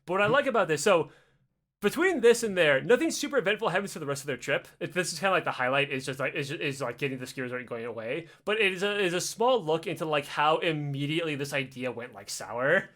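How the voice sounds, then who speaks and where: A male podcast host spins a casual story with lots of swearing. His voice sits high and leaps around in pitch as he goes. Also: fast. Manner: animated, heavy swearing, acts out voices.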